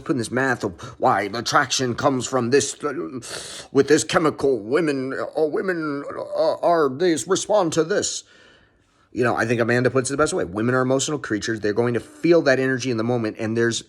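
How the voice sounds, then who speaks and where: A young man vlogging a casual, heavily profane self-help pep talk. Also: mid-range voice. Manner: heavy swearing, pep-talk.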